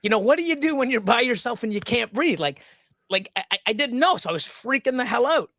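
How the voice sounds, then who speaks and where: A man with a rather high voice tells a long story in loose, casual chat. He trips over his words, restarts often and swears freely. The sound is close and dry, with no room around it. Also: animated, fast talker, creaky, fairly bright tone, dry recording. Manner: rambling and profane, with many restarts. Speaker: live stream co-host.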